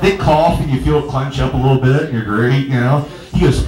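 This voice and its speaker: A man's voice: medium pitch, a little fast, few pauses, music in the background. A man doing a stand-up comedy set in a small bar, telling rambling, stammering stories and bantering with the crowd. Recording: echoey bar room.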